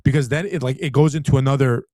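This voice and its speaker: A man's voice: medium pitch, fairly even intonation, fast, warm tone, dry recording. A man co-hosting a live commentary stream, rambling in casual talk and restarting his sentences over and over. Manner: rambling, many restarts and filler "like". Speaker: co-host.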